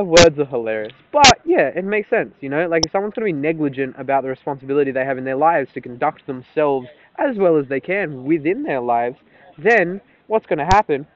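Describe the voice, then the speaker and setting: A young man giving a casual solo monologue, rambling and animated, swearing freely and laughing often. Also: on the high side. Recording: tinny phone-like audio.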